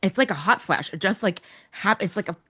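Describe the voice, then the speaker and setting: A woman co-hosting a podcast in casual chat, wry and quick to laugh, swearing offhandedly. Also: medium pitch, animated, a bit bright, husky, no echo, clean studio sound. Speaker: podcast co-host.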